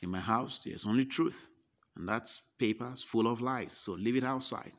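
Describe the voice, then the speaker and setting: A man's voice: mid-range voice, normal speed, a bit bright, natural voice. A man with a Southern American accent voicing a stern, blunt old male preacher who barks curt commands. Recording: dull lo-fi recording.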